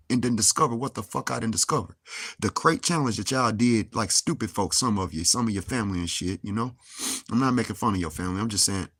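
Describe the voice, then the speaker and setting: Young man ranting, husky and low. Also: fairly quick, a bit bright, dry recording. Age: young adult. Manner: ranting, heavy cursing, rhetorical questions. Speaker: vlogger. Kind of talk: angry monologue to camera.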